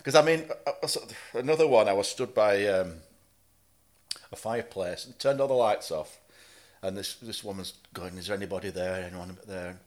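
A man's voice: fairly low pitch, expressive, moderate pace. A man, a guest in casual chat, dry and matter-of-fact. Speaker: guest musician.

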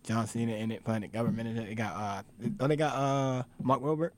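A young man hosts a podcast in loose casual chat, talking quickly at a middling pitch. He is excitable and slangy, with "bro" in nearly every line. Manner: excitable storyteller, slangy, says "bro" often. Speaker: podcast host.

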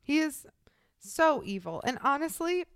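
A woman co-hosting a true crime podcast, telling the case in a casual, animated way, laughing often and swearing freely. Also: high voice, measured pace, no echo, studio quality. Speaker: podcast co-host.

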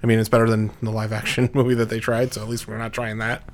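A man's voice: on the low side, completely flat delivery, fast. A man on a podcast panel giving a casual opinion, hesitant with filler words. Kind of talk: casual pop-culture chat.

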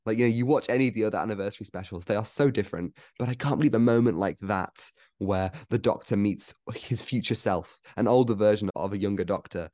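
A man's voice: lowish voice, fast talker, hardly any pauses, a little mellow, no room sound, clean studio sound. A young man, a podcast co-host, gushing about a TV special in a rambling, enthusiastic way. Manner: enthusiastic, rambling, quotes lines in put-on voices. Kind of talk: casual review discussion.

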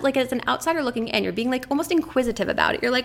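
A woman coaching listeners in a casual, chatty talk, with many fillers and quick acted asides of a harsh inner voice. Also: high-pitched, very animated. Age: adult with a daughter. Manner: chatty, filler-heavy, keeps asking "right?". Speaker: weight-loss coach.

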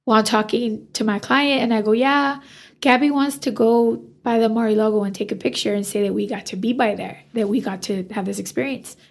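Animated woman with a creaky voice. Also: on the high side, brisk. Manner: animated, acts out quoted dialogue. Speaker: hairstylist guest. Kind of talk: casual storytelling interview.

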